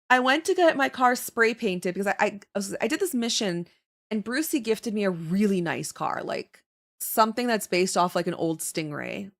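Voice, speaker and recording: Lively young woman chatting on stream. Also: mid-range voice. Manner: chatty, laughs often, reads chat aloud. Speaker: livestream host. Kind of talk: casual livestream chat while drawing.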